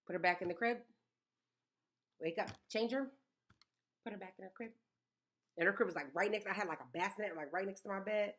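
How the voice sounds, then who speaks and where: A woman, telling stories in a casual chat, animated and emphatic, often repeating words for effect. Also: medium pitch, fairly quick, pauses often. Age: 30s.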